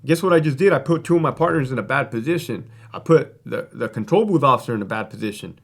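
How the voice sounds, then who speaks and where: A former prison guard tells a story bluntly and casually, swearing plenty and leaning on fillers like "like" and "right?". His mid-range voice is animated, quick, and gravelly, with a breathy edge.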